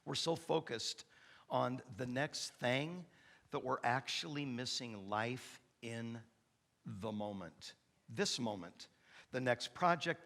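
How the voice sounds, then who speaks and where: A man in his fifties preaching a sermon as pastor, an animated storyteller who acts out the dialogue with big comic outbursts. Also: mid-range voice, creaky. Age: 50s. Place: church sanctuary.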